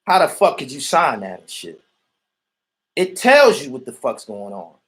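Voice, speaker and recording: A man from Erie, Pennsylvania rants on a livestream while reading and reacting to viewer comments, using blunt, repetitive, heavily profane street talk. His medium-pitched, fairly bright voice swoops wildly in pitch at an unhurried pace, and the audio quality is poor.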